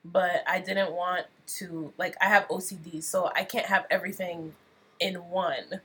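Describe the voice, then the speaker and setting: Laid-back low-voiced woman designer guest. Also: little pitch movement, measured pace, fairly bright tone, breathy edge. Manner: laid-back, explains plainly, laughs often. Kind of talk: casual podcast interview.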